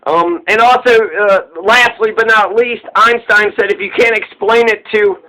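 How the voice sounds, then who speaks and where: A man with a high, bright voice retells an old fable off the cuff. He rambles and swears freely, and he laughs at his own jokes. The audio has a radio-like sound. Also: fairly even intonation, moderate pace, rough recording. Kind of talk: casual profane retelling.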